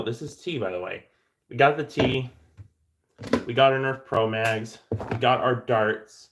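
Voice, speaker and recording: A man chats loosely on a live stream, answering viewers as he goes. His voice sits at an ordinary middle pitch. He rambles and jokes, often tripping over his words and starting sentences again. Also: unhurried, long pauses, a little hiss or hum. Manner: rambling and joking, with frequent stammered restarts. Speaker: livestream host. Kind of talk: casual livestream chat answering viewers.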